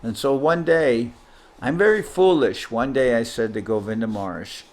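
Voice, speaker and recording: A man's voice: medium pitch, normal speed. A man, a spiritual teacher, telling a self-deprecating story in an informal talk over a video call. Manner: anecdotal, self-deprecating, animated when quoting.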